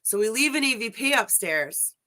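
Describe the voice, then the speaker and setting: A woman from Brooklyn, a paranormal investigator telling lively stories in a casual interview. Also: a little high, moderate pace. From Brooklyn, New York. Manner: animated anecdotes with laughs and quoted voices.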